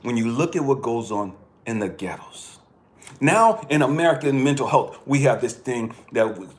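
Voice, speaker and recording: A man from California speaking bluntly in a personal monologue, cursing freely and swinging from quiet remarks to impassioned outbursts. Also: medium pitch, lively intonation, moderate pace. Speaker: channel host.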